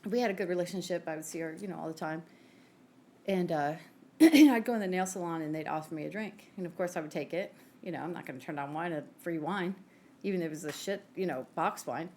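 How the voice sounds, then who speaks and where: A woman's voice: fairly low pitch, fast, darkish tone. A woman co-hosting a podcast, animatedly telling a personal faith story and acting out the conversations in it. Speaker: podcast co-host.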